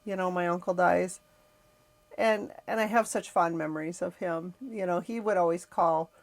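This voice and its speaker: A woman's voice: on the low side, moderate pace. A middle-aged woman hosting a podcast, telling a personal family story in a reflective, emotional way with frequent sighs. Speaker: podcast host.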